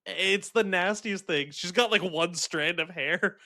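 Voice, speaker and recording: Excitable man chatting, slightly high voice. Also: measured pace. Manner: animated, laughs often, filler-heavy. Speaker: podcast co-host reviewing a film. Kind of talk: casual chat.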